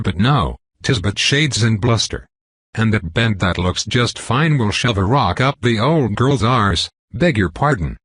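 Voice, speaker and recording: Grouchy older riverboat pilot with a Southern accent, folksy and rambling, a man reading him, low husky voice. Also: fairly bright tone, dry recording. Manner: rambling, folksy and self-important.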